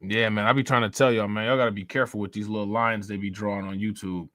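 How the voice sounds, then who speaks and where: A man's voice: on the low side, flat delivery, fast, fairly bright tone, no echo. A man hosting a live stream, talking loosely and profanely, laughing often and repeating himself. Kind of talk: casual live-stream commentary.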